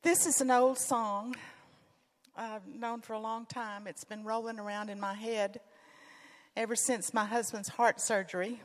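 A woman's voice: a little high, fairly even intonation, in a large hall. A woman singing a hymn in church after a short, heartfelt spoken introduction. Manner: heartfelt, slow. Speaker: church singer. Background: instrumental accompaniment.

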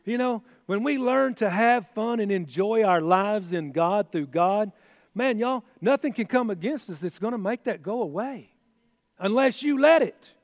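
A man's voice: sits high, animated, measured pace, no echo, long reverb tail. A man preaching a sermon in a folksy, exclamatory way, with chatty asides. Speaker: pastor.

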